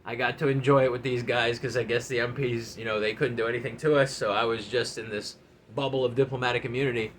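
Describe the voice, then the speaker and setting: A man, a former enlisted soldier, telling a story from his service days in a casual, animated, profane way. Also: medium pitch, fast talker, slight background noise.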